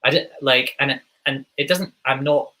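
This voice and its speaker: A man with a toned-down Glaswegian accent, hosting an interview and speaking casually, halting often with ums and restarts. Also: medium pitch, bright, forceful tone, rough recording. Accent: Scottish, Glaswegian, toned down. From Glasgow, Scotland. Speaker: podcast host.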